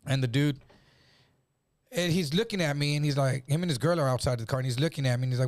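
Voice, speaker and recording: A middle-aged man, a comedian guest, telling a rough, profane story in casual chat and acting out the people in it. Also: mid-range voice, fast talker. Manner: animated, profane, acts out voices in his story.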